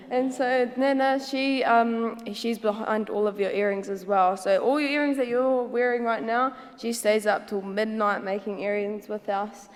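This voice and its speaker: With a New Zealand accent, a woman gives a personal presentation at a symposium, speaking casually and hesitantly with many ums and Māori words mixed in. Her voice is a little high, and the audio has a long reverb tail.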